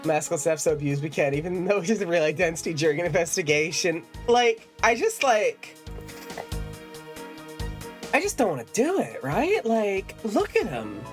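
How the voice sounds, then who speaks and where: A woman's voice: on the low side, sing-song, moderate pace. A young British woman casually commentating a game, swearing and laughing a lot. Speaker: streamer. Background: game music.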